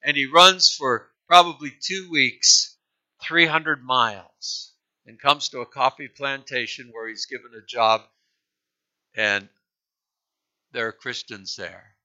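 A man telling a missionary story as part of a sermon, earnest and full of halting restarts. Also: mid-range voice, bright, forceful tone, lo-fi sound. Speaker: preacher.

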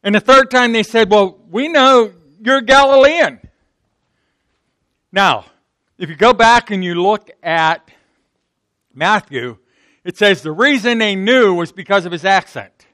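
A man's voice: high-pitched, expressive, a little slow, bright, forceful tone, no echo, clean studio sound. A man from Pittsburgh with a Pittsburgh accent, preaching a sermon in a conversational, folksy way, acting out the quotes. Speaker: pastor.

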